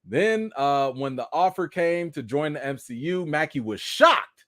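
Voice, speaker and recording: A young man hosts a casual live chat about film news and keeps talking straight to his viewers. His voice sits a little high and swings up and down a lot as he goes. The sound is dry and close, with no room around it. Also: a little slow, dry recording. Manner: animated, talks straight to viewers with lots of "y'all" and "okay". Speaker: live stream host.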